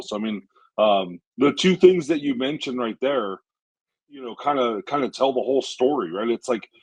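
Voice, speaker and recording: Husky-voiced man, measured and hedging. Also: mid-range voice, dry recording, rough recording. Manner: measured, hedging, many "you know" and "right?". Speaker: podcast co-host. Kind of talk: casual chat.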